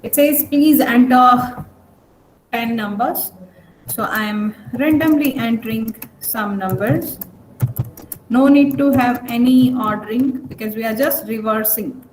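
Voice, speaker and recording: A woman's voice: fairly high pitch, measured pace, darkish tone. A woman teaching a programming class online, often stopping to check whether students follow. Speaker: programming lecturer. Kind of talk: online lecture. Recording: echoey room, faint noise.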